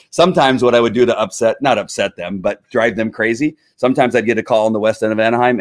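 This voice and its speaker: A middle-aged man, a former police officer, telling stories in a casual monologue, rambling with many fillers and frequent chuckles. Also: on the low side.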